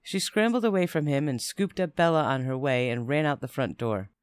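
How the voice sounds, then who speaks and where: A man narrating a first-person story in a steady, plain way. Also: a little high, fairly quick, clear, resonant tone, no echo.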